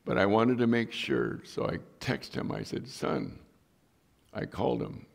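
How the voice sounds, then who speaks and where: A man's voice: medium pitch, a little slow, creaky. A middle-aged male pastor preaching a sermon, telling a personal story and acting out the voices in it. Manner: storytelling, acts out quoted voices.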